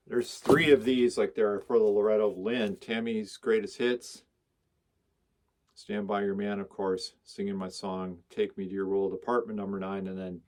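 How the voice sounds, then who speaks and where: A record collector vlogger with a fairly low, darkish voice chats casually and enthusiastically while showing his records. He rambles from one record to the next, reading off song titles.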